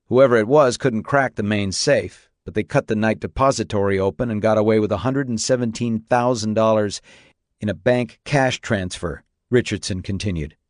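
An audiobook narrator, a man, reads a novel in a steady, even storytelling style. His voice is on the low side at a moderate pace, recorded with studio quality and no room sound.

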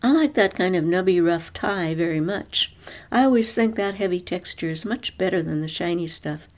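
A woman voicing a bold, sharp-tongued woman who snaps orders and turns lilting and mock-innocent when she needs to. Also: fairly low pitch, moderate pace, close to an everyday voice. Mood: mock-sweet.

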